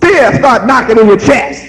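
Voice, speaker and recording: A man's voice: extremely high pitch, expressive, moderate pace, fairly bright tone, poor audio. A man preaching a sermon, emphatic and repetitive, firing rhetorical questions at his listeners.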